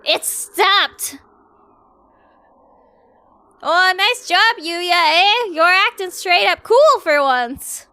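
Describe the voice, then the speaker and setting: A woman voicing an excitable teenage schoolgirl heroine who talks in excited exclamations. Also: extremely high pitch, slow, dry recording, voice pushed up, heavily acted.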